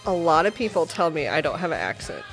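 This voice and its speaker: A woman's voice: low-pitched, very animated, fast talker. Chatty playful woman, faint music behind. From South Dakota, raised in the American South. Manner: chatty and playful, laughs often. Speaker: podcast co-host. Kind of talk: casual chat.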